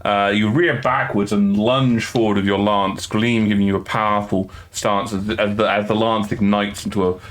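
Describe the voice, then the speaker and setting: Halting, low-voiced game master. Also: male voice, little pitch movement. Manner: halting, many restarts and fillers. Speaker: dungeon master. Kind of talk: narrating a tabletop game.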